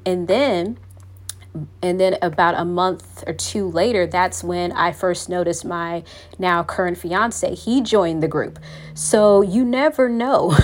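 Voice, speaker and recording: A woman hosting a faith podcast, talking in an earnest, preachy way and calling her listeners "you all". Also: on the low side. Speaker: podcast host.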